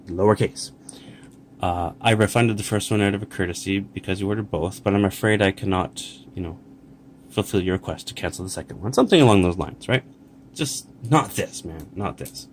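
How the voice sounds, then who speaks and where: A man's voice: lowish voice, a little hiss or hum. A middle-aged man vlogging casually, indignantly rambling about poor customer service and reading emails aloud. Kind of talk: casual vlog commentary.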